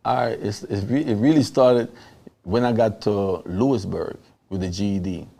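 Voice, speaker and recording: A man from Panama with a Panamanian Caribbean English accent, a guest telling his story in an animated way and acting out the voices of people he quotes. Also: lowish voice, moderate pace, gravelly, a little hiss or hum. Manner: acts out quoted voices, laughs often. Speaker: interview guest.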